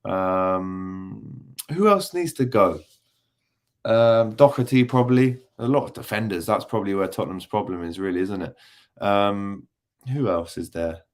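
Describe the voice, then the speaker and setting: A man's voice: on the low side, unhurried. A young man hosting a casual football livestream, reading chat comments with jokey banter and lots of ums. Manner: chatty and jokey, many ums, teasing banter. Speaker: football channel host reading live chat.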